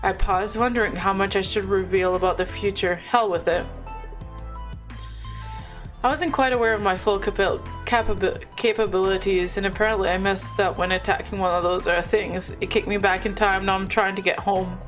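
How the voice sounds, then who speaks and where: A woman's voice: medium pitch, little pitch movement, a little fast, hardly any pauses, soft background music. A woman reading a visual novel aloud, breaking off with chatty asides. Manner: reads dialogue and narration, breaks off with chatty asides. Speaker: game narrator.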